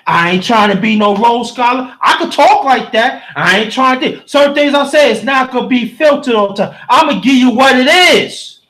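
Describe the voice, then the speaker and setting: A man hosting a livestream in a heated, preachy rant, often shouting and speaking straight to his listeners while reading the chat. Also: extremely high pitch, lively intonation, normal speed, hardly any pauses.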